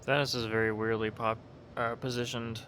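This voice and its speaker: Over a flight game, a young male gaming creator chats casually in a half-awake, meandering way and keeps revising what he says. He has a mid-range, slightly bright voice with little pitch movement at a normal speed, and the recording carries slight background noise.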